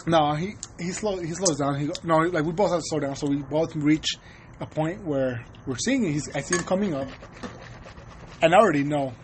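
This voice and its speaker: A profane young guy, animated and chatty as he tells a podcast story, a bit high, faint hiss behind. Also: fairly quick. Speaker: podcast co-host. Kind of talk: casual storytelling chat.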